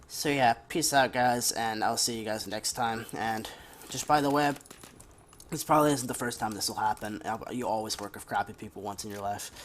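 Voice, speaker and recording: A man's voice: fairly low pitch, normal speed, a bit bright, a little hiss or hum. A tired man telling a work story in a rambling, chatty way while commenting on gameplay. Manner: rambling, chatty, with off-hand gaming asides. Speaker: gaming commentator. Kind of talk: casual storytelling over gameplay.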